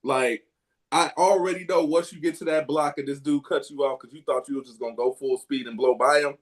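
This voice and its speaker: A man with a slightly high voice argues his point on a basketball podcast. He is emphatic and a bit preachy, pushing his view hard on the other hosts. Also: steady tone, a little fast. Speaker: podcast co-host. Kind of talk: casual basketball talk.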